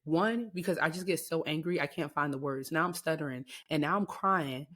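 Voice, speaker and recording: A woman's voice: deep voice, a little fast, fairly bright tone, a little hiss or hum. A young woman co-hosting a podcast, talking candidly and profanely in casual chat. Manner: candid, frank and profane, with lots of short backchannel replies. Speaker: podcast co-host.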